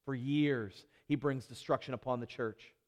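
A man's voice: mid-range voice, fairly even intonation, moderate pace, lo-fi sound. A male pastor preaching a sermon with impassioned, repetitive emphasis, then leading a prayer. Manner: impassioned, repeating phrases, building to emphatic peaks. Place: church sanctuary. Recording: long hall reverb.

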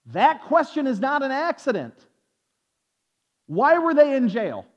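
High-voiced preacher quizzing his listeners. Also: huge pitch swings, a little slow, long pauses, big-room sound. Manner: repeats words, restarts often, quizzes listeners. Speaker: preacher teaching a Bible study. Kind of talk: sermon. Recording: dull lo-fi recording.

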